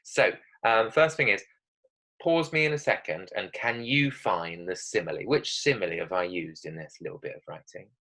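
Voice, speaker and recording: Teacher guy doing a video writing lesson, lowish voice, keeps saying okay, reads examples all dramatic. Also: normal speed, poor audio. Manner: lively, emphatic, checks in with "okay?"; dramatic reading of example text. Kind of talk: recorded online writing lesson.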